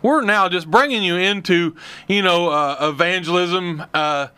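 A man's voice: sits high, measured pace, bright, forceful tone, smooth, no echo. A man co-hosting a Christian talk show, telling rambling stories full of fillers and restarts. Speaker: co-host.

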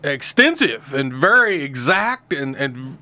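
A man from a rural farm background in a casual Bible discussion, talking haltingly and searching for words. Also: mid-range voice, big pitch swings, bright, forceful tone. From rural farm area.

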